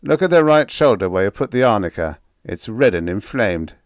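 A man voicing an easygoing, dependable old male spaceman in a storybook reading, with a relaxed, matter-of-fact delivery. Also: lowish voice, normal speed, dry recording.

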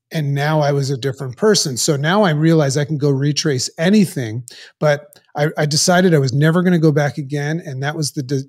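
Earnest man telling a personal story. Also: medium pitch. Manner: earnest, halting, with many restarts. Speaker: podcast guest.

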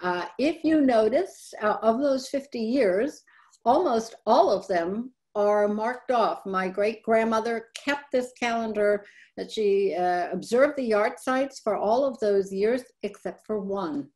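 High-voiced woman giving a webinar talk. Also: a little slow, darkish tone. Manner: conversational, often correcting herself. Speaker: presenter. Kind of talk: webinar talk on family papers.

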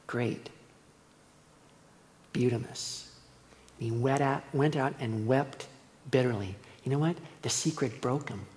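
Preaching verse by verse in a church hall, this pastor uses a slow pace with long pauses and a mid-range, slightly mellow voice. His style is conversational storytelling, acting out quoted voices, with long church reverb and slight background noise.

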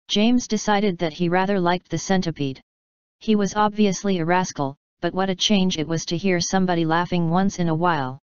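A woman narrating a children's storybook in a measured, clear reading manner. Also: on the low side, darkish tone, dry recording, lo-fi sound. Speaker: audiobook narrator.

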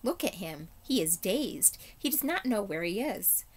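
A woman's voice: medium pitch, very animated, a little slow. A woman reading aloud and voicing a male faun who fusses over a dazed boy. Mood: concerned. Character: male faun, fussing courtier.

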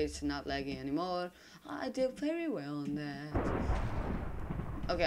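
A young man, an English speaker, giving rambling, excitable commentary over his own gameplay. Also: a little high, slight background noise. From Russia. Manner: excitable, rambling, quick to complain and panic. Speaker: gaming YouTuber.

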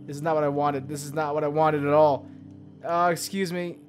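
A man's voice: fairly high pitch, flat delivery, brisk, faint music behind. A young man giving profane, rambling gameplay commentary, muttering to himself and yelping in alarm now and then. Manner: swears a lot, mutters to himself, sudden yelps of alarm. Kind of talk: profane let's-play commentary.

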